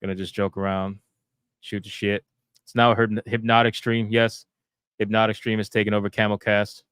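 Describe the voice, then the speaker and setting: A man's voice: fairly low pitch, level tone, normal speed, fairly bright tone, clean tone, dry recording, clean studio sound. A man joining a livestream as a guest, joking and mocking himself in an upbeat, casual way. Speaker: guest streamer.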